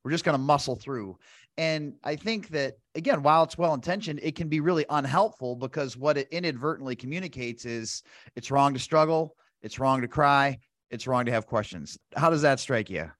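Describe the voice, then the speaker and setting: A man hosting an interview, animated and earnest, telling scripture stories and asking questions. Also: on the high side, a little fast, no room sound, studio quality. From grew up Pentecostal. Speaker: host. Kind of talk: conversational interview.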